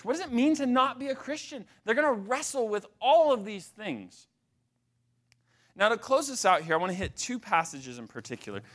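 A man's voice: high voice, fairly bright tone. A man preaching a conversational sermon, emphatic, with frequent restarts and asides to the congregation. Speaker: pastor.

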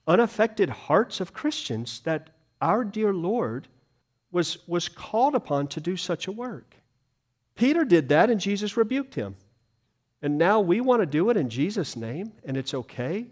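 Middle-aged male pastor, pitched a bit high, earnest sermon delivery with hushed grieving lows and rhetorical questions. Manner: earnest preaching, swings from loud emphasis to hushed grief; asks the congregation rhetorical questions.

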